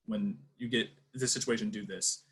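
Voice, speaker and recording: A man with a husky voice in a casual podcast chat, animated and acting out quotes. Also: on the low side, moderate pace.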